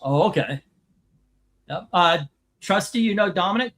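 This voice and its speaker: A middle-aged man runs a live comic auction stream, talking casually and loosely with plenty of ums and jokes. His voice sits a little high for a man. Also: lively intonation, normal speed, fairly bright tone. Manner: rambling, jokey, filler-heavy.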